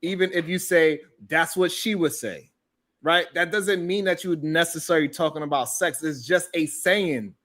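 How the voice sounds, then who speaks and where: Guy hosting a live stream debate, bit high voice, real bright, keeps laughing and giving examples. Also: moderate pace. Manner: patient, explains with examples, often breaks into laughter. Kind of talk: heated panel debate.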